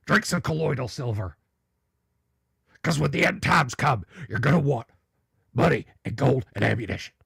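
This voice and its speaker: A man voicing a loud, paranoid middle-aged male conspiracy radio ranter who makes urgent warnings. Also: medium pitch, expressive, normal speed, creaky, pauses often, slightly rough, no echo, studio quality, heavily acted. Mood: ranting.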